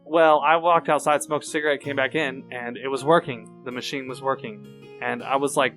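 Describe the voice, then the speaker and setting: A man's voice: medium pitch, fairly even intonation, a little fast, fairly bright tone, faint music behind. A man co-hosting a podcast, swearing freely and rambling through stories in casual chat while a little tipsy. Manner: profane, rambling storyteller. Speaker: podcast co-host.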